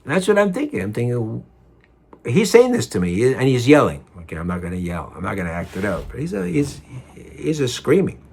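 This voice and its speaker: A man's voice: medium pitch, wildly swooping pitch, a little fast, gravelly, a little mellow, slightly rough. A man telling a personal story in a heated, rambling way, repeating himself and swearing.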